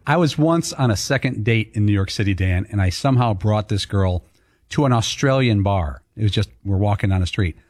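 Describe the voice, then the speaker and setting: A man co-hosts a sports talk radio show, his voice sitting on the low side. He tells stories and slips in deadpan wisecracks. The sound is dry and close. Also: a little fast, no echo.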